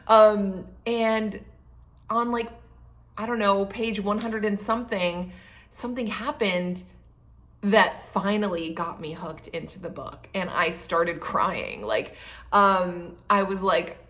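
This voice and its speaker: A woman's voice: medium pitch, a little slow, a bit bright. A woman, casually reviewing a novel, full of fillers and quoted asides. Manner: chatty, many fillers like um and you know; acts out her own past thoughts in quoted asides. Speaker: book vlogger.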